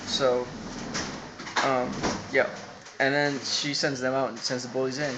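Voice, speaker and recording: A man's voice: medium pitch, fairly even intonation, unhurried, background noise. A man casually recapping an anime episode, rambling with lots of fillers and quoted asides.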